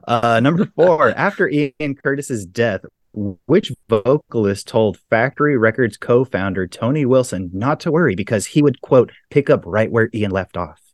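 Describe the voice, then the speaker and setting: Dude reading quiz questions off a list, chatty, dry close mic sound. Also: male voice, mid-range voice, animated, normal speed, few pauses, no echo. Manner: reads questions, then laughs and jokes. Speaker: podcast host, quizmaster. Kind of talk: casual quiz chat.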